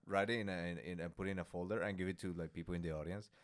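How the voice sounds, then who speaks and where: Deep-voiced man, halting speech. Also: fairly even intonation, no echo, studio quality. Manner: halting, with frequent restarts. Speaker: podcast co-host and comedian. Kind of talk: casual podcast chat.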